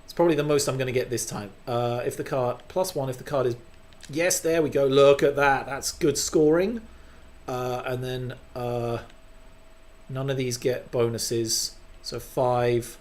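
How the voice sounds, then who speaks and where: A man's voice: mid-range voice, steady tone, unhurried. A man hosting a gaming channel, giving casual playthrough commentary while mocking himself and swearing freely. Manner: self-deprecating, swears freely.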